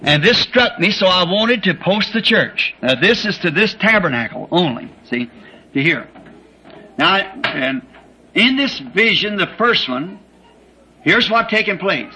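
A man's voice: expressive, measured pace, pushed and bright, a little hiss or hum, poor audio. A man preaching a sermon, telling a vision story with rising passion. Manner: impassioned storytelling, rising in pitch when recounting screams.

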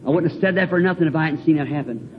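High-voiced man preaching on dull old tape. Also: very fast, a little hiss or hum. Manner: folksy, rambling storyteller with emphatic exclamations. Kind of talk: fervent sermon with personal testimony. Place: church building.

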